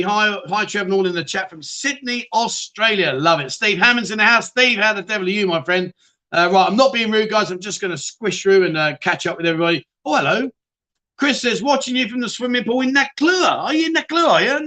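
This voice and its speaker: A man's voice: high-pitched, pushed and bright. A middle-aged man hosting a casual live stream, chatting and greeting viewers by name, often laughing. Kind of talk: casual chat reading live comments.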